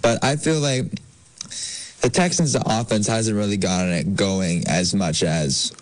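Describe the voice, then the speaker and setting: A man giving his picks in a casual sports chat, a bit hesitant and halting. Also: on the low side, poor audio. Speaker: panelist.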